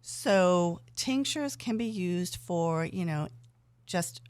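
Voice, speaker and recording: Woman, Boston accent, older, low-pitched, chatty, dry recording. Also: animated, slow, darkish tone, smooth, no echo. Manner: chatty, laughs often. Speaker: guest. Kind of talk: casual chat.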